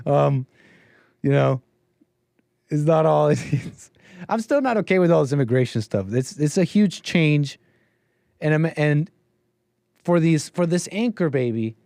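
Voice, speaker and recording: A man hosting a casual livestream, his voice sitting a little high for a man. He rambles and hesitates, piling up fillers and restarts. The sound is close and dry, with no room around it. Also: a little mellow, no echo. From Canada. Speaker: livestream host taking calls.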